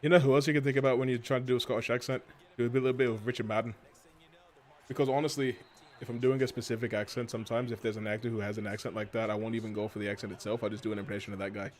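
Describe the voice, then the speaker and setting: Talking very fast in a mid-range voice, a man streams himself playing a football video game. His commentary is casual, rambling and full of jokes, breaking into excited yelps at big plays.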